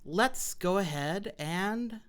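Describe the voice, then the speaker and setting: A woman's voice: medium pitch, lively intonation, takes it slowly. An American woman streaming live, chatting playfully and greeting her viewers by name. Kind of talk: casual live-stream chat. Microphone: wearing headphones.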